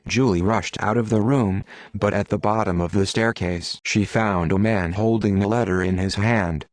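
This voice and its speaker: Audiobook reader: steady man, low-pitched, dry booth sound. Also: moderate pace, no room sound. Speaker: audiobook narrator. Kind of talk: scripted narration.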